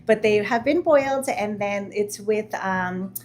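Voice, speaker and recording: A woman's voice: medium pitch, a little slow, darkish tone, a little hiss or hum. A woman, a restaurant owner and chef, explaining a menu to guests in a friendly way, with many hesitations.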